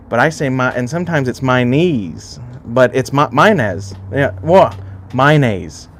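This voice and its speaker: A man from Alaska hosting a casual livestream, rambling and swearing freely as he chats with his viewers. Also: mid-range voice. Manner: rambling and heavily profane, chatting directly to viewers. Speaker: livestream host.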